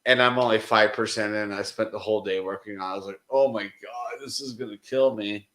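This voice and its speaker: A man's voice: fairly low pitch, a little fast. A man, a librarian, chatting casually on a podcast, rambling through stories and acting out what others said. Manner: rambling storyteller, quotes others in a lively voice. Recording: roomy echo.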